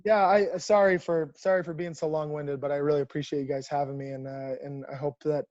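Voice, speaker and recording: A man, a professional baseball coach, telling stories in a casual, animated way over a video call. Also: fairly high pitch, a little fast, dry recording, muffled recording. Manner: animated, lots of restarts and laughs. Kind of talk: casual storytelling.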